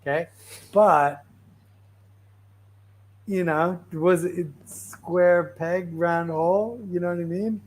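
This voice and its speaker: Male host giving casual motivational talk; restless, chatty, lots of "right?", voice sits a bit high. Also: takes it slowly, long pauses. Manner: rambling, repeats "right?" and "like"; restless, animated storyteller with frequent restarts.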